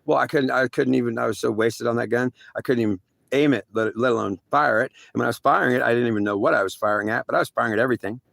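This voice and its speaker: A man tells a long first-person story at a fast clip, his voice rough with fry. He stumbles and restarts often, and he mimics other people's remarks in quick back-and-forth. The sound is dry and close, with no room around it. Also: mid-range voice, a bit bright, dry recording. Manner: halting, repetitive, many restarts.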